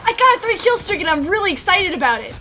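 A woman giving excitable, self-deprecating commentary over her own gameplay, laughing often. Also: very high voice, quick pace, a little hiss or hum. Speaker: gaming video creator.

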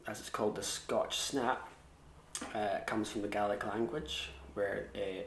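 A man with a fairly low voice teaches fiddle in an easygoing, chatty way. He is modest about his own playing and scat-sings rhythms to show them. The sound carries a fair bit of room echo. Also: fairly even intonation, unhurried, fairly bright tone. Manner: chatty and self-deprecating, with scat-sung rhythms. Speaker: fiddle tutor. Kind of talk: relaxed online music lesson. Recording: echoey room.

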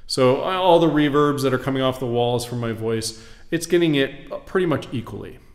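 A man teaching audio engineering, explaining microphone patterns in a steady, clear way while he walks around the mic in a large recording studio. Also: mid-range voice, moderate pace. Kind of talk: studio demonstration lesson. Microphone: studio condenser mic at varying distance. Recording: roomy studio reverb, voice moving off-mic.

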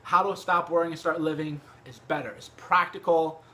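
Brash, bright-voiced man talking to camera. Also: fairly high pitch, fairly even intonation, normal speed. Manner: brash, profane, emphatic. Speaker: vlogger. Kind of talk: casual direct-to-camera book talk. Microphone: cheap USB microphone.

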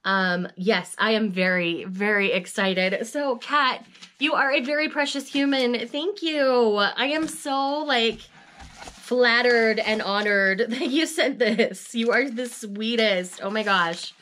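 A woman's voice: fairly high pitch, slow pace, fairly bright tone. A woman hosting a casual unboxing vlog, gushing and emotional, often laughing as she talks to her viewers. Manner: chatty, addresses viewers directly. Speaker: manga vlogger.

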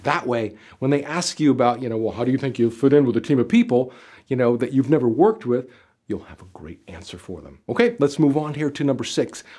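A man giving job interview advice straight to camera as a career coach, talking in an animated, emphatic way with lots of casual fillers. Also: mid-range voice. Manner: animated, emphatic, gestures with arms and body; conversational, many "you know" fillers. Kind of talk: direct-to-camera advice video.

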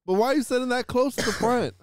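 A man co-hosting a podcast in casual, joking conversation, with quick comic back-and-forth. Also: very high-pitched, no room sound, studio quality. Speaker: podcast co-host. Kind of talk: casual chat.

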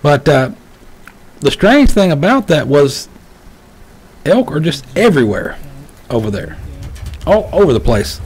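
A chatty man from Texas hosting a talk show, telling a casual story with easy laughs. His voice is slightly high and swings up and down with lively movement. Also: a little slow, long pauses, husky, poor audio.

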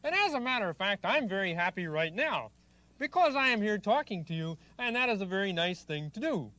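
A man's voice: high voice, big pitch swings, fairly quick, pushed and bright, dry recording, exaggerated voice. A man playing an earnest, fussy frog puppet lecturing children on a TV show, explaining patiently with exasperated bursts.

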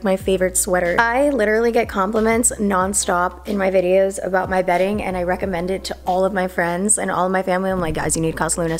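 A young woman in her twenties chatting casually to camera in a home vlog, upbeat and full of "like" and "literally". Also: medium pitch. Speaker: vlogger. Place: home indoors.

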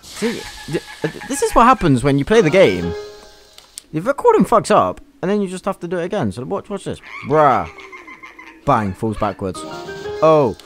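A man's voice: on the high side, huge pitch swings, normal speed, a bit bright, faint music behind. A young man giving crude, swear-filled gameplay commentary as a YouTube gamer, mocking the game as he plays. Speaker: gaming YouTuber.

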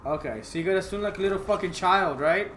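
A man's voice: high voice, fast talker. A man giving gameplay commentary, frustrated and swearing constantly. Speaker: gamer. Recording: roomy with loud background noise.

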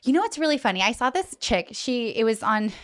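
A woman in her thirties, a podcast guest chatting casually and reflectively as an animated storyteller. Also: on the high side, brisk.

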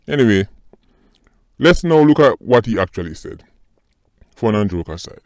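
Casting: Jamaican man, low-pitched vlog host, mocking and animated, dry close sound. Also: normal speed, long pauses, no room sound. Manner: animated, mocking, repeats "people" and "right". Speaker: commentary channel host. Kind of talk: casual commentary vlog.

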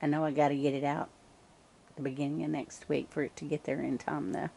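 An older woman from Nova Scotia, Canada, chatting calmly to the camera outdoors on a cold night, cooing sweetly to animals. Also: low-pitched, fast talker, gravelly, slight background noise. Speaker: wife feeding raccoons at home. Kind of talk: casual chat to camera.

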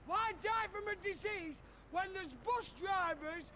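A man's voice: very high voice, a little slow, noisy background, pitched above the performer's own voice. A male comedian voicing a jittery, paranoid man who rants fretfully about all the things that could kill him. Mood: anxious. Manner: fretful, anxious rant.

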